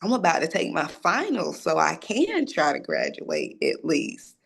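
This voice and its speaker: A woman's voice: deep voice, measured pace, gravelly, husky. A young adult woman telling a personal story in a casual way, acting out the conversations she had. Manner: acts out conversations, casual and animated. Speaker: storyteller, recent graduate.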